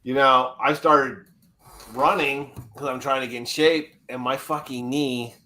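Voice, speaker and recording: A man's voice: mid-range voice, steady tone, measured pace, bright, forceful tone. A man in his forties telling profane, laughing stories in a casual podcast chat. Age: 40s.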